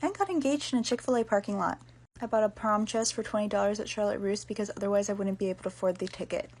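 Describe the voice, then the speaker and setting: A young woman listing school memories in dry, quick one-liners. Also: medium pitch, darkish tone. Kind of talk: casual storytime.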